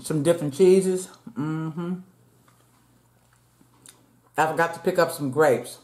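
Taking it slowly in a low, slightly mellow voice, the woman chats with viewers of her eating show, calling them "y'all." She eats between lines in an echoey room.

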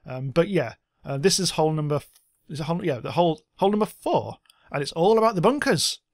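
A man giving casual let's-play commentary, excitable, swearing a lot and making silly sound effects. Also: on the high side, fast talker, dry recording, studio quality. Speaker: gameplay commentator.

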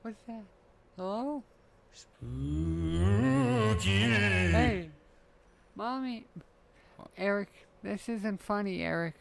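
A man's voice: high voice, expressive, drawn-out words, creaky, pauses often, voice pushed up, full character voice. A man voicing a whiny, easily scared little girl who pleads like a child.

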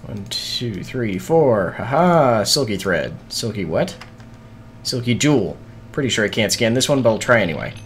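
A man's voice: fairly low pitch, big pitch swings, moderate pace, slight background noise. A man streaming a video game, muttering to himself in casual, scattered chatter with frequent swearing and hiccups.

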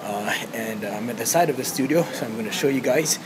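A man's voice: medium pitch, quick pace. A young man chatting casually in a vlog, full of fillers and restarts as he talks into a handheld camera. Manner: rambling, with many fillers and restarts. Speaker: vlogger, dancer. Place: hotel room, then a cold street at night. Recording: camera audio with clear background noise.

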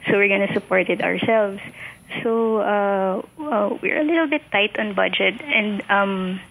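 A woman calling into a show by phone, speaking hesitantly with many pauses and fillers. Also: mid-range voice, vocal fry, fairly bright tone, rough recording. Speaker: caller. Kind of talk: call-in phone conversation.

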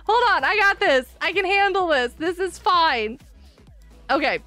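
A woman's voice: very high voice, lively intonation, unhurried, sharp tone, no echo, soft background music. A young woman streaming a game, chatting casually, giggling and sounding out words.

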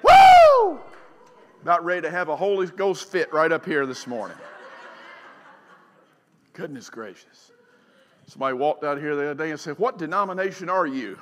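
A man preaching a sermon in a church, folksy and fiery, building up to shouts. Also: on the high side, moderate pace, long pauses. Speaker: pastor. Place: church sanctuary. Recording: long church hall reverb.

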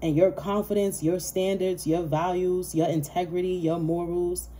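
Low-voiced, profane woman reading tarot. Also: level tone, moderate pace, warm tone, slight background noise. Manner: profane, laughing, playful hype-talk. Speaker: tarot reader. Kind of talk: casual tarot reading monologue.

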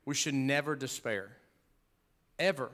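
A man preaching a sermon as pastor, emphatic and conversational, swinging from loud to hushed with humorous asides. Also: mid-range voice, a little slow.

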